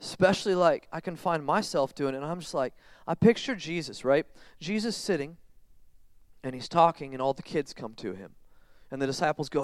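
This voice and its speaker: High-voiced conversational pastor, crisp and dry. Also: male voice, a little fast, no room sound. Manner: conversational, animated, switches between quiet reflection and loud emphatic bursts. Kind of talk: sermon. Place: church sanctuary.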